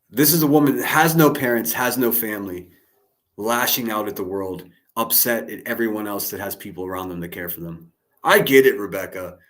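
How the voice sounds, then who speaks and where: Male streamer, lowish voice, sarcastic and heated commentary, swears freely. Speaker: streamer reacting to a clip.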